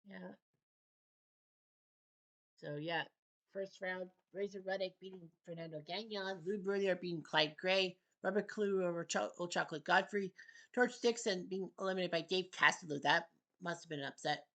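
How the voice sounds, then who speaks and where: A man's voice: sits high, normal speed, fairly bright tone. A man casually recapping a boxing tournament's results as host, with offhand asides between bouts.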